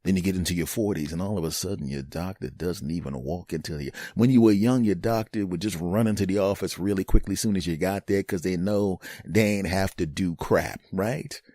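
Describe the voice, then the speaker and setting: Low guy riffing a comedy bit, jumps into silly voices, dead dry sound. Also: brisk, few pauses, dry recording. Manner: animated, acts out voices and sounds. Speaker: comedian host. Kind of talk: comic monologue.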